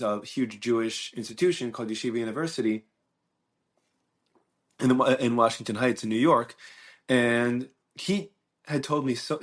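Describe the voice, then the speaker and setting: A man hosting a solo podcast, talking earnestly and reflectively, searching for words with many restarts and fillers. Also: mid-range voice. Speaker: podcast host. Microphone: mic and camera.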